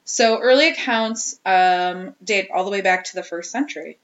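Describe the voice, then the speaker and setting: A woman's voice: medium pitch, moderate pace, a little hiss or hum. Chatty woman in a roomy lo-fi recording. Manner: chatty, jokey, laughs often. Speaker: podcast co-host. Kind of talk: casual chat. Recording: roomy, dull lo-fi sound.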